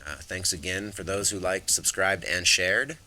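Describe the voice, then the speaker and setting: A man's voice: sits low, moderate pace, pushed and bright, poor audio. A man hosting his own livestream talk show, ranting in a profane, heated and emphatic way. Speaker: host.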